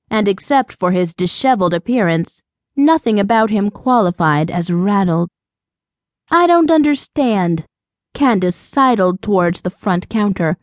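A woman's voice: medium pitch, no room sound. Woman reading an audiobook, dry and close. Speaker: audiobook narrator. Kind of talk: scripted audiobook narration.

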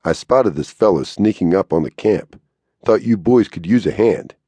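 A man with a deep, husky voice voicing a calm, bossy frontier woman who handles a gun, talking dry and no-nonsense in a western audiobook. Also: moderate pace, no echo. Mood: cool, bossy.

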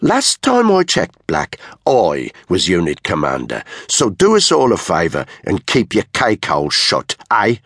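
A man's voice: sits low, wildly swooping pitch, measured pace, hardly any pauses, husky, dry recording, clean studio sound, heavily acted. A narrator voicing a sneering, bullying blond male unit commander with a crude, mocking manner. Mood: taunting. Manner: mocking, crude, exaggeratedly loud.

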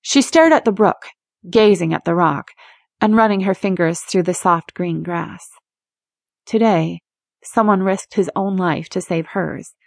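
A woman narrating a romance audiobook in a measured, expressive reading. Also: fairly low pitch, creaky, no echo, clean studio sound. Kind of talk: scripted narration.

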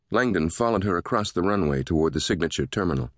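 A man narrating a thriller audiobook in a steady, measured way. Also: low voice, dry recording, studio quality.

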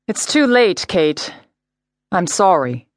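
A woman voicing a calm, self-assured male undercover FBI agent in an audiobook. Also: lowish voice, slow, no room sound, clean studio sound. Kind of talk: audiobook character voice.

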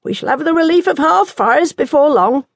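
A woman reading the part of a tough, dry-witted nun raised on a stormy coast, speaking briskly and teasingly. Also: high-pitched, expressive, vocal fry, no room sound, voice pushed up. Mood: brisk wry.

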